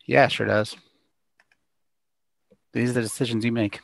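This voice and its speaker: Low gravelly guy co-hosting, easygoing, dry close sound. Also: flat delivery, dry recording. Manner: easygoing, quick agreeing replies. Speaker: co-host. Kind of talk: casual chat.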